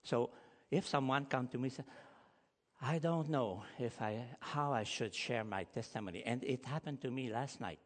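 A man's voice: medium pitch, normal speed. A pastor preaching a sermon with emphatic, rising delivery, speaking English as a with as his first. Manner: emphatic preaching, rising loud on key points, non-native grammar. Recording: long hall reverb.

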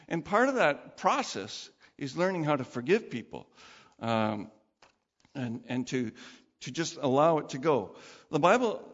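A man preaching a sermon as pastor, conversational and animated, acting out quoted voices. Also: on the high side. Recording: dull sound with long hall reverb.

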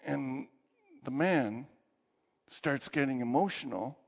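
This pastor's sermon mixes animated storytelling with a closing quiet prayer. He has a mid-range voice and speaks slowly, captured in a dull recording drenched in long hall reverb.

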